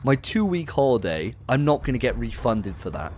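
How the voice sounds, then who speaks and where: A man's voice: mid-range voice, very animated, moderate pace, darkish tone, slight background noise, natural voice. A man voicing an exasperated young male agent who has lost his holiday, ranting and swearing. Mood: indignant.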